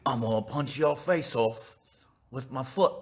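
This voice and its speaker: A man doing a loud, over-the-top impression of a boastful tough-guy action star with a mock British accent. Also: mid-range voice, a little slow, pitched above the performer's own voice, natural voice.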